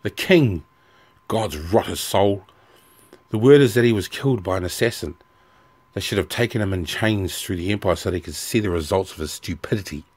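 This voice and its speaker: Man reading as a scornful soldier, bitter, sneering, deep voice, audiobook. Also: normal speed, a little mellow, slightly rough. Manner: sneering and resentful. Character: bitter, scornful male Legion officer.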